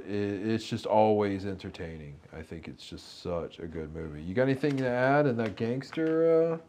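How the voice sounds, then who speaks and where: A man's voice: medium pitch, darkish tone. Rambling, laughing man chatting movies. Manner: rambling, amused, laughs often. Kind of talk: casual chat about movies.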